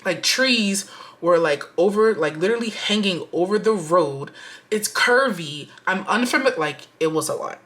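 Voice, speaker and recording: A young woman tells a chatty storytime to her viewers, slangy and full of asides. Her voice sits a little low but comes out bright and forceful. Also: moderate pace. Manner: animated, slangy, lots of "like" and "y'all". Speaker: budgeting vlogger.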